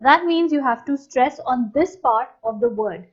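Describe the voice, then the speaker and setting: Slow, high-voiced woman teaching words. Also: expressive. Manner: repeats words slowly and clearly. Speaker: language teacher. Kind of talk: spoken language lesson. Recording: dull, slightly lo-fi sound.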